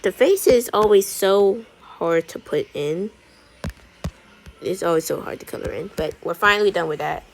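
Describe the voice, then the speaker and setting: Sassy woman rambling while she colors, lots of vocal fry, keeps restarting her words. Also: mid-range voice, lively intonation, normal speed, faint music behind. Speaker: video creator. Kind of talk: chatty commentary while coloring.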